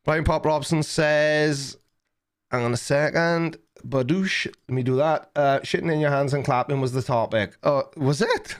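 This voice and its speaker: A man's voice: on the high side, a little slow, smooth. A middle-aged man with a rambling, self-deprecating manner, hosting a casual livestream and reading chat comments aloud. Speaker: livestream host.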